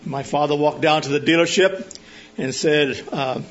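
An older man from Arizona, a police chaplain, preaching a sermon at a church service with personal stories, pausing often with fillers and restarts. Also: fairly high pitch. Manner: halting, many filler sounds and restarts. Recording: dull lo-fi recording.

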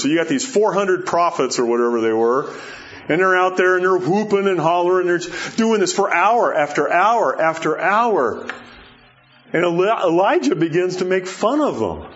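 A man preaching a sermon as a pastor, talking in a loose, conversational way with many fillers and animated storytelling. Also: sits high, normal speed. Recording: dull lo-fi sound.

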